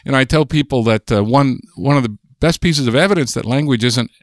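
A man's voice: mid-range voice, a little fast, no echo, clean studio sound. An older American man, a linguist, explaining ideas in a podcast interview, thoughtful and chatty with restarts. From United States. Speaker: linguist guest.

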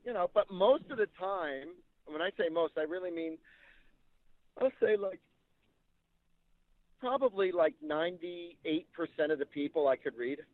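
A man on a tinny, phone-like line tells stories from his work as a psychic medium with animated storytelling. His voice sits a little high, and it sounds dry and close, with no room around it. He acts out the people he quotes as he goes. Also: measured pace, long pauses, no room sound. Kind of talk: storytelling interview.

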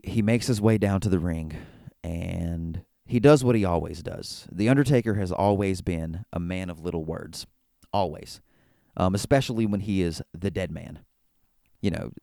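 This wrestling podcast host talks solo, recapping an event with enthusiasm, rambling and often restarting his sentences. His voice is low, gravelly and mellow, captured in a clean studio with no echo.

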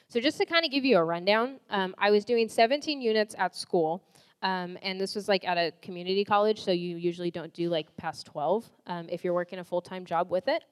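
A young woman gives a personal faith testimony in a candid, conversational style, filled with "like" and quick restarts. Her voice sits at a middle pitch. A long reverb trails behind it, as in a large hall. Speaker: church volunteer giving a testimony.

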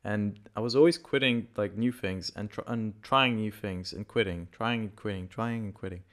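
A man's voice: fairly low pitch, moderate pace. A man hosting a casual solo podcast, a native Portuguese speaker who is a bit sick with a dry throat, rambling and correcting himself as he goes. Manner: rambling, self-correcting, loose and conversational. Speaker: podcast host.

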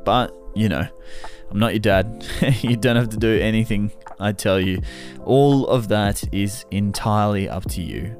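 Low-voiced man rambling on his solo podcast. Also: expressive, normal speed, faint music behind. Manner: rambling, self-correcting, casual swearing. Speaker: podcast host. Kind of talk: casual solo podcast talk.

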